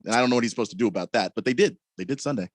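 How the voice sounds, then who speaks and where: Man, radio co-host, hesitant, repeats words, mid pitch, dry. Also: racing, no room sound. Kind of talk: casual sports talk.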